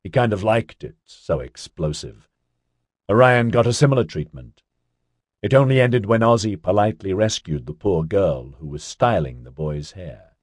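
A man with a very deep, husky voice reads a science-fiction novel aloud, keeping an even storytelling pace. The sound is dry and close, with no room around it. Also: normal speed, no echo. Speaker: audiobook narrator. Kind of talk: scripted narration.

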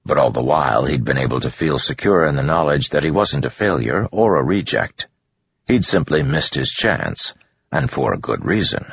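A man narrating an audiobook in a measured, even storytelling manner. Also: rumbling low, slightly rough. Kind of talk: scripted narration. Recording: dull lo-fi audio.

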